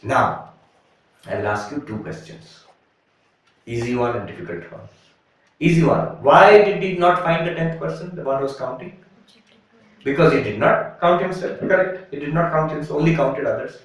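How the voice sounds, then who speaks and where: A man giving an animated spiritual lecture, telling a story and acting out its voices. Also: a little high, normal speed, pauses often. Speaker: monk giving a retreat talk. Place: retreat hall. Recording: echoey room, from a distance.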